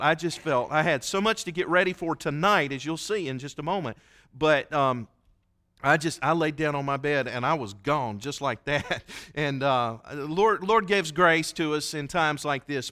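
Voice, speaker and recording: A pastor delivers a sermon in a church, his bright, tense voice sitting a little high for a man. He tells stories in an earnest, folksy way and is warm with the congregation.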